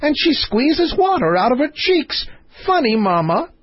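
A gleeful, giggly young princess. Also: male voice, very high voice, big pitch swings, unhurried, dry recording, pitched above the performer's own voice, exaggerated voice. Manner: gleeful, childlike. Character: giggling carefree teenage princess. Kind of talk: audiobook character voice. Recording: dry, slightly dull recording.

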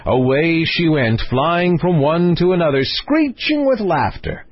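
A man reads a fairy tale aloud with expressive, lilting storytelling. His voice is husky and swings widely in pitch. The audio is dry and dull, like a lo-fi home recording. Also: measured pace, dry recording. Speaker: audiobook narrator. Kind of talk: scripted narration of a fairy tale.

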